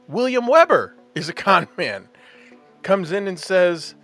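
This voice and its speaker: Animated man hosting a casual podcast. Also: a little high, unhurried, faint music behind. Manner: animated, laughs often, enthusiastic. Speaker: podcast host. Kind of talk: casual chat.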